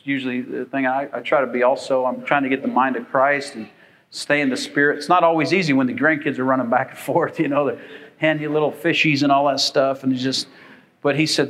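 A man's voice: mid-range voice, steady tone, moderate pace, fairly bright tone, poor audio. Older male pastor, folksy rambling sermon delivery. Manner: folksy, rambling, with frequent fillers.

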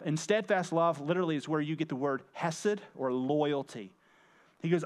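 A man's voice: a little high, fairly even intonation, moderate pace. A man preaching a conversational sermon, often stumbling over and repeating words as he acts out the lines he reads. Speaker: pastor.

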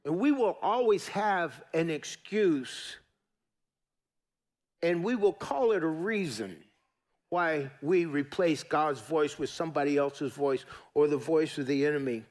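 Preaching in an animated, unhurried way, a middle-aged pastor uses a fairly high voice with a darkish tone. He is folksy and emphatic, repeating phrases for force and turning to the congregation with asides.

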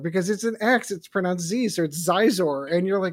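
A podcast co-host chatting casually, animated and quick to laugh. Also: medium pitch. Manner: animated, quick to laugh, talks over others. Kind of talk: casual chat.

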